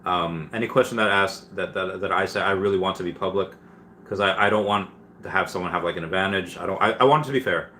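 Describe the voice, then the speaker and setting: A man's voice: low voice, fast talker, sharp tone, slight background noise. A man hosting a casual livestream, reading viewer questions aloud and answering them with many fillers and restarts.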